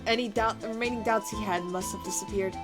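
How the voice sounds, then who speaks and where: A woman's voice: medium pitch, fairly even intonation, a little fast, over music, close to an everyday voice. A woman reading a guarded, stern prosecutor. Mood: grave. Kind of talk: reading game dialogue aloud.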